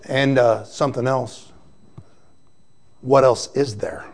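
A man giving a personal testimony, telling his story with animated storytelling and acting out the voices of the people he quotes. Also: mid-range voice, slow pace, a little hiss or hum. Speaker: testimony speaker.

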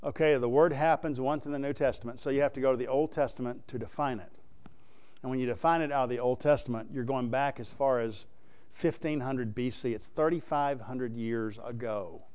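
A man's voice: mid-range voice, a little mellow. A man preaching a sermon, explaining scripture in a conversational way and asking the audience questions.

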